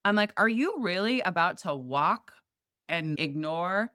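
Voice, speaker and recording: A woman's voice: lowish voice, a little slow, no room sound, studio quality. A middle-aged woman from Montana, a podcast guest telling a story in casual chat and acting out the voices of the people in it. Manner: animated, acts out quoted voices.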